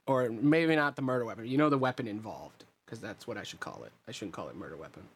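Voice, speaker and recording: A man running a tabletop game as game master, describing scenes in a relaxed, rambling way. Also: on the low side, fast, breathy edge.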